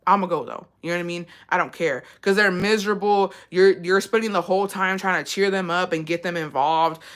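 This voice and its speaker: A woman's voice: fairly low pitch, a bit bright. A woman vlogger giving blunt, profane advice in a casual chat, telling a story with lots of swearing.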